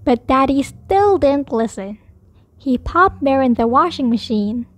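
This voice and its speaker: Slow, high-voiced woman reading a picture book. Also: no room sound. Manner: slow, clear, expressive storytelling. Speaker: storybook reader. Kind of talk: children's picture book read aloud.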